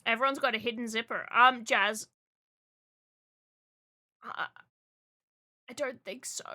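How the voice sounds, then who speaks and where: A woman streamer chatting casually and reading out chat, excitable and loud, swearing often. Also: mid-range voice. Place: Brisbane.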